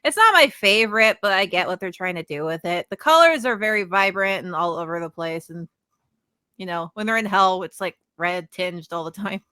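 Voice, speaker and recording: A woman's voice: lowish voice, expressive, moderate pace, bright, forceful tone, clean tone, no room sound, clean studio sound. An American woman chatting casually about comics on a podcast, laughing often and trailing off mid-sentence. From United States. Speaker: podcast co-host. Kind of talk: casual comic book review chat.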